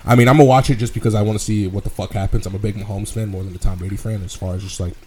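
A man's voice: lowish voice, fairly even intonation, racing, crowd noise. A man chatting casually as a podcast co-host, rambling with lots of fillers and swearing. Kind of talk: casual chat.

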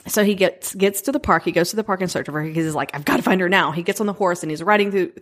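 A woman's voice: on the low side, quick pace. A woman co-hosting a book podcast, retelling the plot with enthusiasm and frequent laughter. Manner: enthusiastic storyteller, laughs often. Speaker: podcast co-host. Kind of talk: casual book chat.

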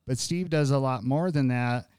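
Man, podcast host, conversational, restarts phrases, mid-pitched voice. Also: normal speed, darkish tone, clean tone, dry recording. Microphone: studio podcast mic.

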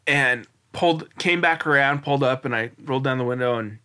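In a casual storytelling interview, a man in his forties appearing as a podcast guest earnestly recounts something personal, wandering with restarts and fillers. He speaks briskly in a mid-range voice, sharp yet clean in tone.

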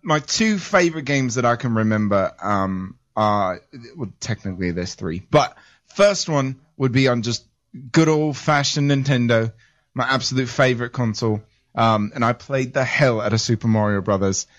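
A man's voice: medium pitch, lively intonation, moderate pace, highs cut off. A man co-hosting a casual podcast, rambling and playful, correcting himself as he goes. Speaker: podcast co-host.

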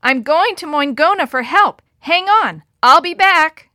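A woman voicing a brave, determined young woman in a storm, speaking earnestly and sometimes shouting over the wind. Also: a little high, lively intonation, normal speed, dry recording, studio quality.

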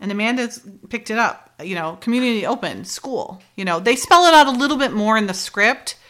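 This is a chatty woman with a bright, forceful voice. She recaps a TV episode in casual conversation and laughs often between her lines. Her talk is loose, full of "uh" and "like.". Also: on the high side, animated, fairly quick. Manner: laughs often, retells scenes with many fillers. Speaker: podcast co-host recapping a TV episode. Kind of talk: casual chat.

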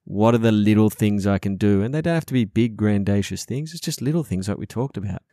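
Aussie guy on a podcast, bit low voice, swears heaps, drives his point home over and over, dry sound. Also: animated, brisk, dark tone, no echo. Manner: earnest, repetitive, swears a lot. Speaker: podcast host. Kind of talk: casual podcast chat.

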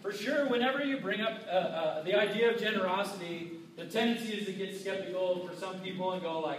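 A man's voice: high-pitched, fast talker, few pauses, slight background noise. A man preaching a sermon as pastor, talking casually and acting out quoted people. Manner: conversational preaching, acts out quotes. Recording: echoey hall from far off.

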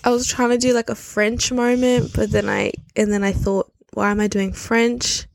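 A woman's voice: on the high side, little pitch movement, normal speed, creaky, no room sound. Rambling chatty woman, dry podcast sound. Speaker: podcast co-host. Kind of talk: casual chat. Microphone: remote call recording.

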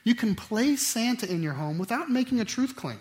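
A middle-aged man preaching a sermon, animated, swinging between loud emphatic stretches and quiet asides. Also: very high voice, brisk. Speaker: pastor.

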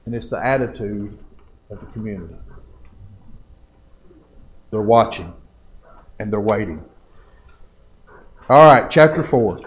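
A man's voice: on the low side, animated, measured pace, pauses often, low-quality recording. A man preaching a live church sermon, folksy and exhorting, building with rhetorical questions. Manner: colloquial country phrasing. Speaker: lay preacher. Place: church sanctuary.

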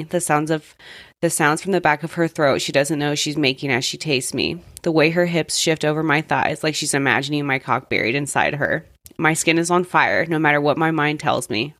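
A woman's voice: sits low, fairly bright tone, dry recording. Woman reading explicit fiction, dry sound. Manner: unhurried first-person reading with an aside in her own voice. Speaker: podcast co-host.

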